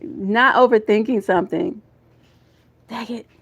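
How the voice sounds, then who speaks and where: A woman's voice: mid-range voice, unhurried, vocal fry, fairly bright tone, husky, muffled recording. Folksy Southern woman reading tarot. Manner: folksy, emotional, talks to viewers as y'all and baby. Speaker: tarot reader.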